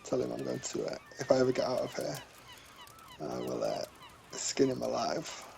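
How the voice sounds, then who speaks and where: Gravelly-voiced man at a game table. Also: mid-range voice, very animated, moderate pace, a little mellow, slight background noise. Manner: laid-back, joking. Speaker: player. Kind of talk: casual chat.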